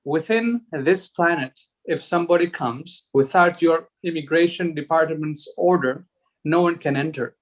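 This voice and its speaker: Discussion leader, male, a touch high-pitched, reads texts aloud in an unhurried, chuckling way. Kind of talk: reading aloud and group discussion.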